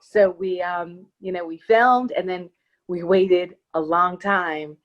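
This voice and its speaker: A woman's voice: lowish voice, fairly even intonation, slow pace, dull audio. A woman being interviewed as an actress guest, chatting casually in a bubbly, gushing way.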